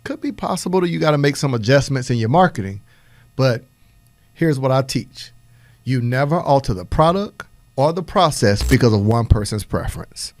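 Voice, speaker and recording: A man hosting a business podcast, giving energetic motivational talk in a preacherly way and laughing often. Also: medium pitch, no room sound. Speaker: podcast host.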